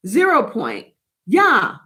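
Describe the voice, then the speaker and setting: A woman with a fairly high voice, talking in a loose, rambling way on a spiritual livestream. She chats casually with viewers and reacts to their comments as they come in. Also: wildly swooping pitch, slow, sharp tone. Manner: rambling, chatty, reads and answers live comments. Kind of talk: casual live chat with viewers.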